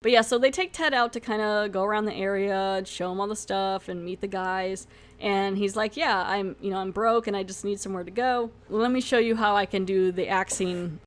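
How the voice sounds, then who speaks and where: Brief: young woman podcaster, casual recap review, mid-range pitch, playful and expressive. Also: a little fast. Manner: animated retelling, acts out the lines, laughs often. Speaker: podcast host.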